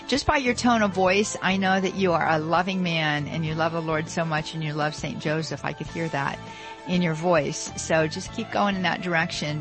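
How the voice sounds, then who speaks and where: A man co-hosting a Catholic call-in radio show, speaking in a gentle, pastoral way and laughing easily. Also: on the high side, rough recording.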